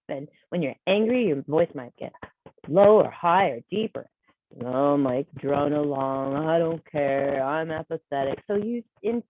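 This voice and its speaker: Over a video call, a woman interprets a deaf trainer's signing into spoken words during a live training session, explaining things patiently in a conversational way. Her voice is warm and husky with a fairly low pitch, and the recording is rough.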